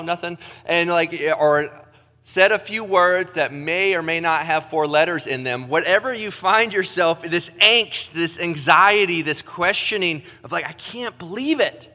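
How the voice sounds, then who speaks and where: A man preaching a sermon as pastor, in a casual, self-deprecating way full of "like" and restarts, reading scripture slowly. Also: sits high, sharp tone. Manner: casual, self-deprecating, talks with his hands in filler words. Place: church stage. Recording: long hall reverb.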